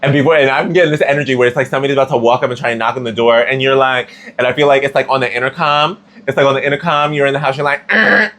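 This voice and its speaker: A man's voice: mid-range voice, fairly even intonation, racing, hardly any pauses, a bit bright. A man giving a casual tarot reading, chatty and slangy, with plenty of filler words. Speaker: tarot reader.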